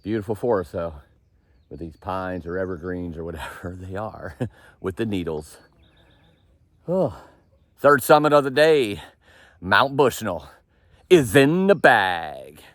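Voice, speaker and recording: A man narrating his thru-hike on camera as he walks a forested mountain trail, rambling and laughing at himself, sometimes quieter and further from the mic. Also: low-pitched, big pitch swings, a little slow, pauses often, dry recording. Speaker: thru-hiker vlogging the trail. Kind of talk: casual trail vlog narration.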